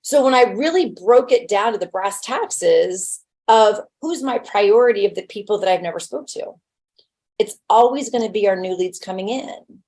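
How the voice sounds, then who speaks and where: A woman's voice: mid-range voice, lively intonation, normal speed, darkish tone. A woman who works as a real estate agent, giving a casual webinar talk in a blunt, conversational way and using homely everyday examples.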